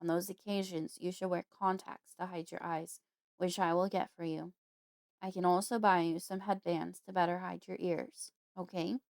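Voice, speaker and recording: A calm, wise uncle who speaks softly and steadily, read by a woman. His manner is soothing and protective, with measured phrasing. The recording is dry and close-miked. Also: lowish voice, gravelly, dry recording.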